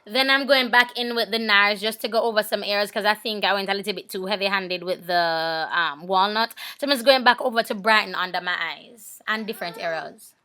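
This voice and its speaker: A woman's voice: medium pitch, brisk, hardly any pauses, sharp tone, clear, resonant tone. A woman, talking casually through a makeup tutorial, chatty and repeating herself. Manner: chatty, repeats herself, talks while working. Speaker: makeup vlogger.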